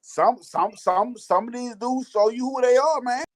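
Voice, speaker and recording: A man's voice: extremely high pitch, moderate pace. A man co-hosting casual sports talk, blunt and emphatic, slangy.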